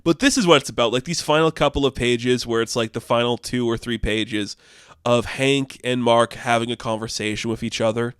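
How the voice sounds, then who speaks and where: A man reviewing a comic book in a loose, chatty recap, retelling scenes in quick paraphrased quotes. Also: medium pitch, clean tone, no room sound, studio quality.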